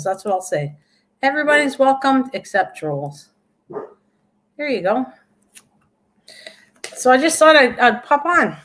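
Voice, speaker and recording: A woman's voice: sits high, fairly bright tone. An older woman hosting a casual live stream from home, chatting in a rambling way and greeting viewers by name.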